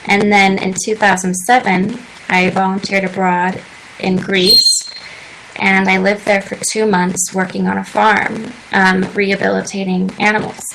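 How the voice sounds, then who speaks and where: A woman's voice: medium pitch, flat delivery, a little slow, creaky, fairly bright tone, slight background noise, low-quality recording. A woman in her twenties chatting earnestly as a guest on a radio talk show, telling her story at length. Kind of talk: casual interview chat. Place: radio studio.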